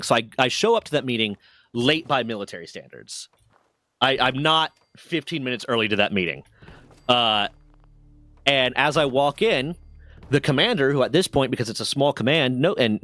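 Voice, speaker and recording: A man's voice: medium pitch, fairly bright tone, dry recording. A man telling a long story in casual chat, rambling and swearing, with many restarts and self-corrections. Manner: rambling, profane, lots of restarts.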